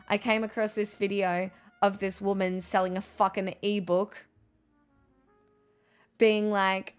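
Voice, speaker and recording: A woman's voice: mid-range voice, flat delivery, measured pace, smooth, faint music behind. A woman live streaming in casual chat, sarcastic and ranting, often breaking into laughter.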